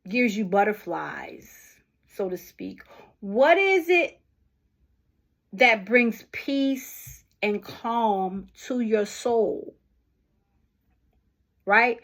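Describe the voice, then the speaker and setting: A middle-aged woman talking casually and unhurriedly to her viewers, asking them questions as she encourages them. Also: mid-range voice. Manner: unhurried, conversational, asks the listener questions. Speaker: vlogger. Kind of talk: casual motivational talk to camera.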